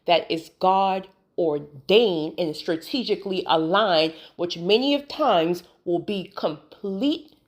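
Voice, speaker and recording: A woman preaching about spiritual healing in a lively, swooping voice. Her talk is casual and emphatic, and she leans on repeated phrases to drive each point home. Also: on the low side, takes it slowly.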